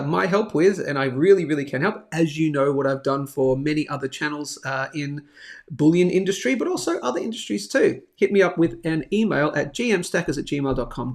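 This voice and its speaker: Gravelly Australian man hosting a live show. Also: fairly high pitch. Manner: energetic, jokey, reads out chat comments. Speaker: host of a live bullion show. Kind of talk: casual live-stream chat.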